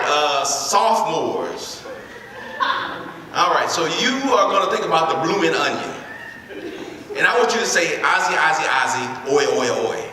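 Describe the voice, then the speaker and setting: In a large school hall full of echo, a man with a bright, fairly high voice leads a workshop and talks interactively with students. He repeats words and fires off energetic prompts to the crowd, and the recording picks him up from a distance.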